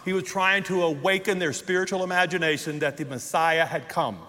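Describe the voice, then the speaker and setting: High, bright-voiced preacher in a reverberant hall. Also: male voice, fairly even intonation. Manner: emphatic preaching, drawn-out stressed words, rising to shouts. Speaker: pastor. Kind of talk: sermon. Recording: long hall reverb in a church.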